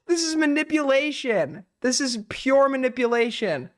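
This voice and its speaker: A man doing heated live commentary on a clip, mocking and excitable, sometimes breaking into loud rants. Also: very high-pitched, moderate pace. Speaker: commentary streamer reacting to a clip.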